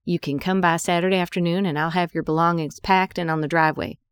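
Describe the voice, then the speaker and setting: A woman's voice: on the low side, fairly even intonation, fast, clean tone, no room sound, studio quality, lightly acted. Woman reading as a betrayed, furious woman. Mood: angry. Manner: clipped, bitter.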